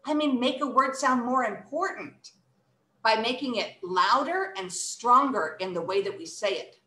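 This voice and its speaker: A woman's voice: fairly high pitch, lively intonation, measured pace, bright, forceful tone, roomy sound. A woman teaching an English workshop, speaking expressively and acting out emotions and word stress. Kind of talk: online English lesson for children.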